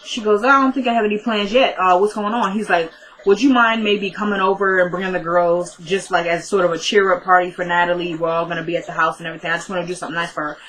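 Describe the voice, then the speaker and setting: A woman's voice: lowish voice, fairly even intonation, fast talker, a bit bright, low-quality recording. A woman casually recapping a TV episode, retelling the dialogue in a chatty way. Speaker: TV recap vlogger.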